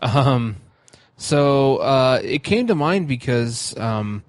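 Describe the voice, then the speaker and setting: A man's voice: medium pitch, lively intonation, takes it slowly, dry recording. A man co-hosting a podcast in laid-back casual chat, cracking dry jokes with hesitant fillers. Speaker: podcast co-host.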